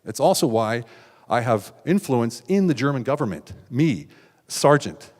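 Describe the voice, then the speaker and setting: Middle-aged guy on stage in a big hall, long echo, confessional story, goes from quiet asides to loud bursts. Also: medium pitch, big pitch swings, a little slow. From United States. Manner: raw, confessional storytelling with sudden loud outbursts and hushed asides. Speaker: keynote speaker. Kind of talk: personal story told on stage.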